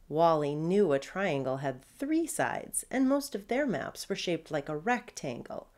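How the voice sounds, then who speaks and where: A woman's voice: deep voice, big pitch swings, a little slow, few pauses, darkish tone. A woman author reading her children's chapter book aloud, expressively. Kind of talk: children's storybook read-aloud.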